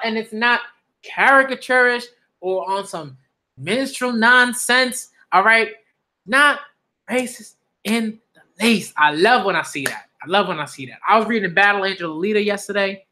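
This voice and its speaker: A man doing a live manga reading reaction, excitable and slangy, often repeating himself as he reacts. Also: sits high, moderate pace. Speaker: manga reviewer.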